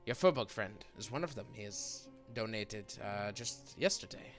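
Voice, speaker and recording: Bright-voiced man running a tabletop game. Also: on the low side, expressive, soft background music. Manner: halting, full of restarts. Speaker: dungeon master. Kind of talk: narrating a tabletop game stream.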